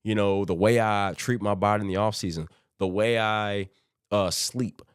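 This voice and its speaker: A man's voice: fairly low pitch, fairly even intonation, moderate pace, smooth, dry recording, studio quality. A man hosting a solo sports podcast, talking casually and rambling through his points, often restarting his sentences. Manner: rambling, conversational, restarts phrases; quotes imagined teams in offhand voices. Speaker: podcast host.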